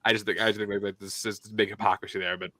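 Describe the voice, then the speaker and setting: A man's voice: lowish voice, little pitch movement, rapid-fire, pushed and bright, dry recording. A young man hosting a casual sports podcast, rambling with lots of "like" and restarts. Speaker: podcast host.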